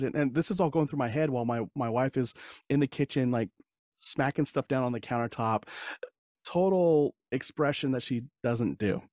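Man in his forties, podcast guest, lively storyteller, dry close sound. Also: mid-range voice, moderate pace, no room sound. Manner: animated, acts out quoted dialogue, laughs often. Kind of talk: casual interview storytelling.

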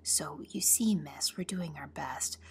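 A woman voicing a nervous male gardener who talks in a low, hushed voice in a storybook reading. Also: slow, slight background noise. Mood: anxious. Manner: low whispering voice.

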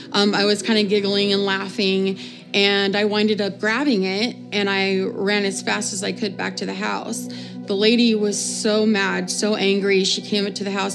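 A young woman recalling a childhood memory in a documentary interview, hesitant with many pauses. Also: mid-range voice, gravelly. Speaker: interviewee, granddaughter.

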